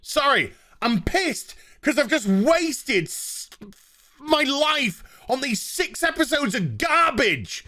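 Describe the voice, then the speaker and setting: A man's voice: extremely high pitch, sing-song, takes it slowly, sharp tone, no room sound. A man reviewing a show in an exasperated, sweary rant. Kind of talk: ranting review.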